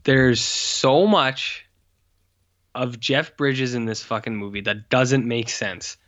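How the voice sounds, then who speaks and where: A man's voice: medium pitch, slow pace, fairly bright tone. A man co-hosting a casual film review chat, blunt and scornful, swearing freely. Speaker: podcast co-host. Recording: dull lo-fi sound.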